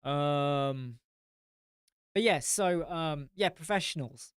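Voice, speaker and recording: A man's voice: on the high side, takes it slowly, clean tone, no room sound, studio quality. Blunt man on a live chat. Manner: blunt, rambling, swears. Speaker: host. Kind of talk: casual live-stream chat.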